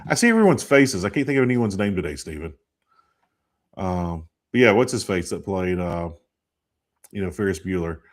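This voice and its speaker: This weary fifty-something co-host of a sports talk show speaks in a low, sing-song voice at a moderate pace, pausing often. His casual chat wanders, and he forgets names mid-thought.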